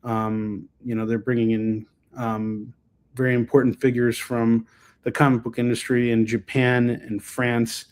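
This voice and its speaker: American man hosting a live comic sales stream; loose, joking patter full of ums, medium-pitched everyday voice. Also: little pitch movement, a little slow. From United States. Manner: rambling, joking, lots of ums and asides. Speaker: host and comic book seller.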